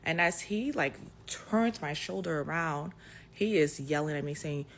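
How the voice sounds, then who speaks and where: A young adult woman casually telling a personal story, animated and dotted with "like" fillers. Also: low voice, measured pace, a little hiss or hum. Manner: animated retelling, full of "like" fillers. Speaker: storyteller in a clip.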